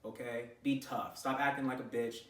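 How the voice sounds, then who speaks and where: A man's voice: mid-range voice, steady tone, normal speed, fairly bright tone, recorded from a distance. Brief: man, blunt profane lecturer, camera mic set back in an echoey room. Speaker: vlogger giving gym advice. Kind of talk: unscripted talking-to-camera rant.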